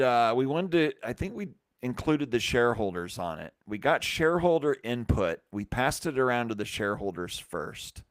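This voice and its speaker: Rambling male storyteller, smooth dry voice. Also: mid-range voice, dry recording. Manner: rambling, animated anecdote with many restarts and acted-out quotes. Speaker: brewery company host. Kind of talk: casual storytelling on a live stream.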